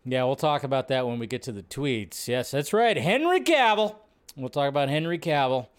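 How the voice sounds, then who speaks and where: A man's voice: medium pitch, steady tone, brisk, clear, resonant tone. A man hosting a casual livestream, chatting with viewers and reading their messages aloud. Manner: chatty, greets viewers and reads chat aloud; talks to himself while fixing his setup. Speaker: livestream host. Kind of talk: casual live-stream chat.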